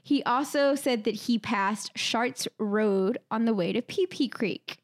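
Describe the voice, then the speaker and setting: A woman's voice: a little high, a little slow. A young woman from Texas co-hosting a podcast, chatting in a breezy, teasing way. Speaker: podcast co-host. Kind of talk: casual chat.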